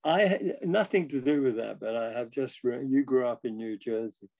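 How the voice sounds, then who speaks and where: An older man, a guest musician, telling a lively anecdote in a casual interview, now and then slipping into the voices of the people in his story. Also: mid-range voice, moderate pace, vocal fry.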